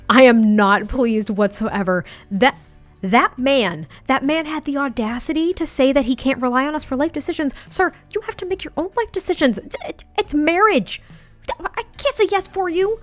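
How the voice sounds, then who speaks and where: A woman doing let's play commentary on a life-sim game, animated and dramatic in her reactions. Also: high-pitched, moderate pace, soft background music. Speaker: gaming YouTuber.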